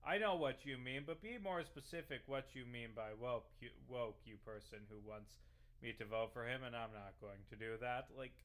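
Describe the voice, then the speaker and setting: A vlogger and local reporter rants casually over a video game he's playing, sarcastic and rambling and swearing often. His voice sits in the mid range, a little bright, at a normal speed.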